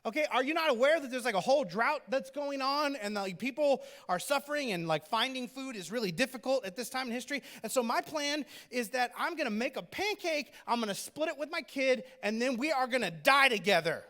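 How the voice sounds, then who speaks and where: A man's voice: very high voice, animated, a little fast, few pauses, bright, forceful tone, pitched above the performer's own voice, heavily acted. A male preacher voicing a desperate, exasperated poor widow who is ranting about her hardship.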